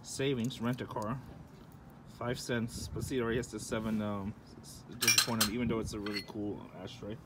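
A man's voice: lowish voice, little pitch movement, a little fast. A man casually reading labels aloud in short bursts with mumbled asides, filmed on a handheld phone indoors. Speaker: vlogger showing a collection. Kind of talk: casual off-the-cuff commentary. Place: indoors at a shop. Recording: loud clinking and handling noise.

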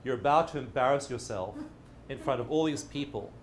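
A man voicing a little male demon of self-doubt that talks in a low, quiet, scoffing way. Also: a little fast, slight background noise, natural voice. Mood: doubtful scoffing.

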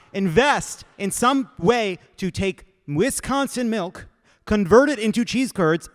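A man in his thirties, a podcast host, ranting about food in a profane, emphatic, mock-outraged way. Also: sits high. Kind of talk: comedic rant about food.

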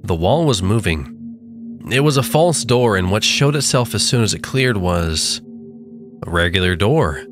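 A man with a low voice reads a horror tale, letting his pitch rise and fall dramatically. Soft music sits beneath the narration. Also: expressive. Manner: measured, dramatic storytelling. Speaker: creepypasta narrator. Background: faint background music.

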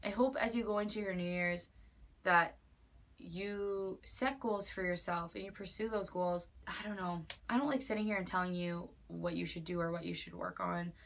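A woman's voice: fairly low pitch, fairly even intonation, normal speed, gravelly, a bit bright. A young woman in her twenties talking earnestly in a personal vlog, emphatic and repetitive, at times near tears. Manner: earnest, emphatic, with many likes and repeated phrases. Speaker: vlogger.

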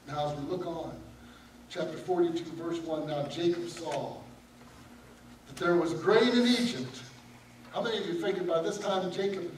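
A man's voice: high voice, slight background noise. A man preaching a sermon, telling a Bible story and acting out the characters' lines. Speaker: pastor. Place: church sanctuary. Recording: echoey church hall from far off.

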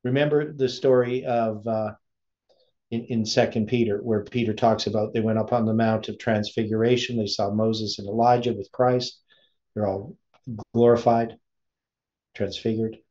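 A man's voice: on the low side, steady tone, moderate pace, warm tone, lo-fi sound. A man preaching, reading a sermon aloud with his own commentary and asking the listeners rhetorical questions.

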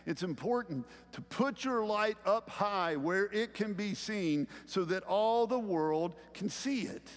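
High-voiced Southern pastor preaching in a hall. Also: male voice, animated. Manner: conversational preaching, slowing down to stress key phrases. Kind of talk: sermon. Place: large church sanctuary.

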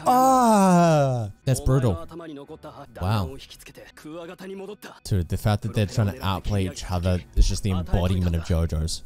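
A man hosting an anime reaction video, reacting with loud, swearing outbursts and shouts. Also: low-pitched, fairly even intonation, normal speed, pauses often, music in the background. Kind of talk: excited reaction commentary.

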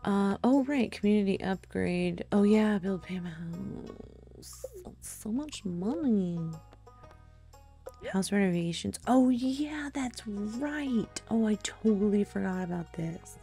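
A woman talks her viewers through a game in easy, running commentary. Her voice sits mid-pitch with a mellow, slightly gravelly texture. She gets swept up in excitement and thinks out loud as she plays. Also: unhurried, faint music behind. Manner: excitable, exclaims and thinks aloud while playing. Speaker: let's play host. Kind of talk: casual gameplay commentary.

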